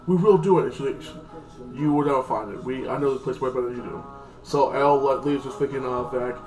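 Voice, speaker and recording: A man casually recapping a TV episode in a rambling, crude way, full of fillers. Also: mid-range voice. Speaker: TV episode reviewer. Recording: echoey room with music.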